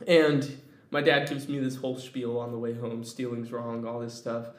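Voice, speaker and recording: Young guy telling a goofy story from when he was a kid, laughy and lively, kinda echoey room. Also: medium pitch, normal speed. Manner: animated, laughs while telling. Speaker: storyteller guest. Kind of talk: casual comedic storytelling.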